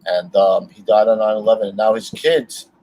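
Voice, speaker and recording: A man's voice: fairly low pitch, flat delivery, moderate pace, dark tone, poor audio. A man, a retired firefighter co-hosting a podcast, telling stories in casual chat and swearing freely.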